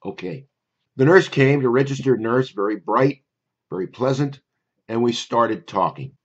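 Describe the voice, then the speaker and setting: An older man, a memory course instructor, telling a personal story in a wry, conversational way before pitching his course. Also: expressive, unhurried, slightly rough, lo-fi sound.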